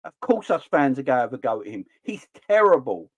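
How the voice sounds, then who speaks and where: A middle-aged man ranting about football in an animated, exasperated way. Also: mid-range voice, a little fast. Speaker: football channel host. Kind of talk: opinionated football rant.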